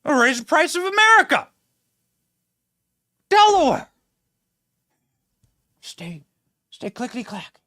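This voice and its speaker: A man doing an impression of a rambling, confused elderly male politician with halting, jumbled speech. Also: very high voice, huge pitch swings, bright, forceful tone, no echo, studio quality, voice pushed up, exaggerated voice.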